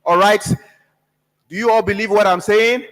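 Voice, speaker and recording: A man's voice: high-pitched, steady tone, moderate pace, fairly bright tone, long reverb tail, poor audio. A man giving a motivational speech at a youth program, drawing out words and asking the audience questions. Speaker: guest speaker at a youth program.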